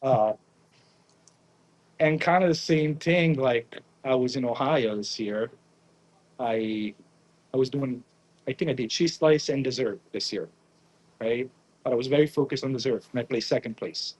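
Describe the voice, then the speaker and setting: A man's voice: mid-range voice, unhurried, long pauses, rough recording. A young man from the Naples area, a pizza chef guest, telling a story in a casual interview, acting out quotes and tagging lines with "right?". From Naples area, Italy. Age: young adult. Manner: animated, acts out quotes, frequent "right?" tags.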